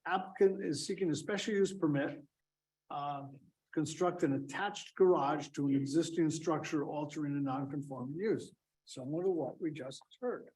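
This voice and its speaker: A man's voice: a little high, moderate pace, a little mellow, rough recording. A man chairing a town zoning board meeting, reading out agenda items and calling on members to vote.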